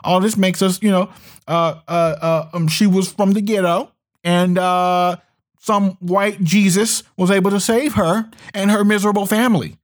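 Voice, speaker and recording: A man putting on the voice of a smug, condescending man in a mocking singsong tone, pitched above his own voice. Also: steady tone, moderate pace, natural voice. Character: smug, condescending man, patronizing and self-satisfied.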